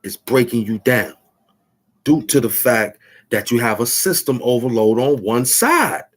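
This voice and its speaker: A man's voice: medium pitch, animated, unhurried. A man hosting his own channel, taunting and boasting in a rambling trash-talk rant. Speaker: channel host. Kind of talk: trash-talking rant at the camera.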